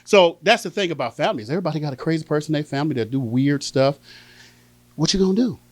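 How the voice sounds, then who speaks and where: A man with a high, lively voice does stand-up, swinging up and down in pitch as he acts out his relatives. The sound is close and dry, with no room echo. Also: fast talker. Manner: animated storytelling, acting out family members. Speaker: stand-up comedian. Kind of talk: stand-up comedy set.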